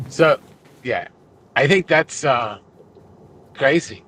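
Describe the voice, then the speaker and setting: Man, average pitch, rambling, hesitant, casual chat. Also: animated, slow, fairly bright tone, a little hiss or hum. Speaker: co-host.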